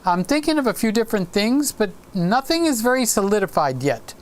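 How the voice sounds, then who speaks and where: A man's voice: high-pitched, very animated, fairly quick. A man in his late sixties hosting a casual live stream, rambling and stopping to greet viewers by name. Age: 60s.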